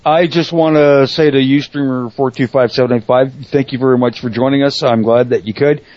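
A man's voice: mid-range voice, steady tone, fairly quick, no echo. Male host, blunt and profane, dull lo-fi audio. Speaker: show host. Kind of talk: casual profane banter.

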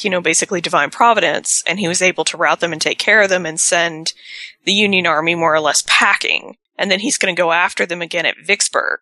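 A woman's voice: mid-range voice, sharp tone, dry recording. A woman co-hosting a show, recapping an episode in casual, rambling chat. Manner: chatty, rambling storyteller. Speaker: podcast co-host.

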